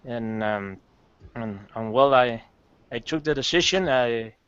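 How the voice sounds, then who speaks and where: A man with a Colombian Spanish accent calling into a coaching call, speaking eagerly and haltingly in English. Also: a bit bright, clean tone, no echo. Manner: enthusiastic, halting, says "boom" a lot. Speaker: caller. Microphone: video call. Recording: dry, dull lo-fi call audio.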